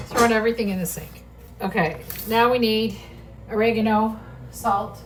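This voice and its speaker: Filmed on a tripod-mounted phone across her home kitchen, this middle-aged cooking vlogger swears freely as she chats and cooks. Her pitch is medium and her speed normal, and the distant mic catches background noise too.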